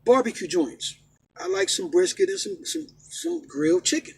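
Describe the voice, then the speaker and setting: A middle-aged man ranting and preaching casually, emphatic and repetitive, swinging from loud outbursts to low, stern talk. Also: sing-song, normal speed, creaky, poor audio. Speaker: vlogger preaching his faith. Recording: faint background noise.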